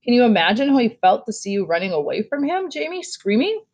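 A woman's voice: a little high, very animated, fast talker, darkish tone, muffled recording, voice pushed up. A woman reading aloud, voicing a stern but loving mother who scolds her sons firmly. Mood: scolding. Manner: firm, scolding.

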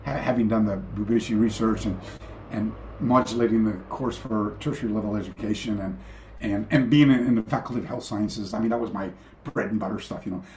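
A man's voice: lowish voice, steady tone, fairly quick, a little mellow, slight background noise. An older man, a karate teacher, telling long anecdotes in a casual interview over a video call, with many restarts and acted-out quotes.

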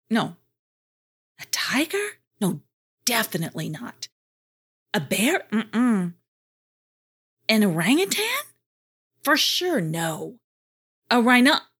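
A noisy, excitable young boy from a children's storybook, voiced by a woman. His voice jumps up high and bounces with excitement, swinging widely in pitch. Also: slow pace, pauses often, slightly rough, full character voice. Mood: wondering.

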